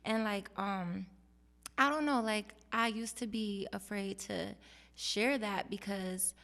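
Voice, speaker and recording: A woman with a bright, slightly gravelly voice chats casually as a host and leans into her stories, acting out what people said. Her voice carries a long reverb, as if in a hard, echoing room. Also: medium pitch, slow pace. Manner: animated storytelling, acts out quoted voices. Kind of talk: casual interview chat.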